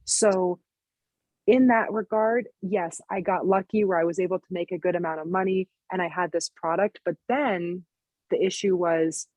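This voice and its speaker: A woman's voice: lowish voice, steady tone, a little mellow, no room sound. A woman in her thirties, a fitness coach and business owner, talking casually as a podcast guest and filling her speech with "like" and "you know". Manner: chatty, lots of "like" and "you know", quick laughs.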